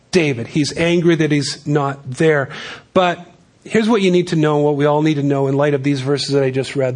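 A man preaching a sermon as pastor, reading scripture and adding casual, joking asides. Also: fairly high pitch.

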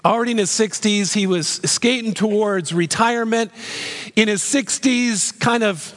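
A man in his fifties preaches with earnest emphasis, his voice pitched high for a man. He presses each point with repeated rhetorical questions. The sound carries a long reverb from a large church hall. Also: moderate pace, a bit bright. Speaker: pastor. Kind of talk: sermon.

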